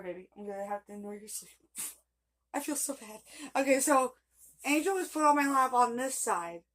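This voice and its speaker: A woman's voice: a little high, a bit bright. A woman telling a long personal story in a casual vlog, rambling and chatty with frequent laughs. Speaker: vlogger.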